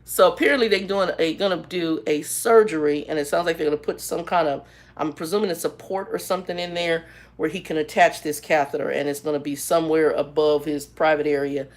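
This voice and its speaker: A woman in her fifties chatting casually on her vlog, telling stories with a sarcastic, animated manner. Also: deep voice, a little fast. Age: 50s. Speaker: vlogger and ministry leader. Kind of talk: casual chat, storytelling.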